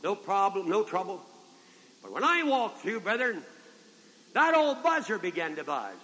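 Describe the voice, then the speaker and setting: High-voiced older preacher in echoing hall. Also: male voice, very animated, normal speed, pushed and bright. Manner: folksy, repetitive, calls out amen and brethren. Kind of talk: revival sermon storytelling. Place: large convention hall. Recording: 1970s convention hall recording with long reverb.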